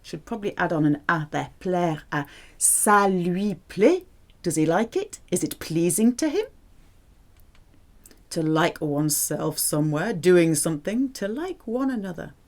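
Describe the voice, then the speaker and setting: A woman teaching a French lesson, drilling verb forms slowly and checking in with the learner. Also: lowish voice. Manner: slow, deliberate drilling of verb forms with lively questions to the learner. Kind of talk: language lesson.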